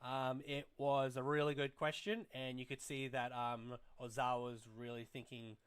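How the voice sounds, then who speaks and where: A man's voice: medium pitch, level tone, moderate pace, fairly bright tone, clean tone. A young man hosting a casual toy livestream, rambling and swearing freely as he reads chat aloud. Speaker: livestream host.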